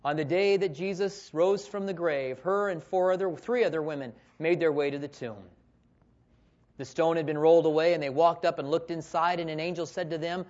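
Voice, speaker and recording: A man preaching a sermon, telling stories with animated swings between loud bursts and hushed tones, on a dull lo-fi recording. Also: fairly high pitch, fairly quick. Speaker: pastor. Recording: dull lo-fi sound.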